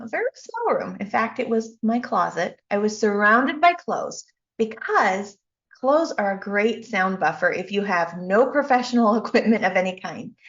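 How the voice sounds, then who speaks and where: A woman coach giving a motivational talk, telling a personal story with emphatic, animated delivery. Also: medium pitch, muffled recording. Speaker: life coach and speaker.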